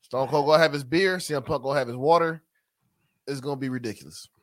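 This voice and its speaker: A man's voice: mid-range voice, quick pace, dry recording. Laid-back podcast co-host man. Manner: laid-back, exasperated, calls people bro. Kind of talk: casual chat.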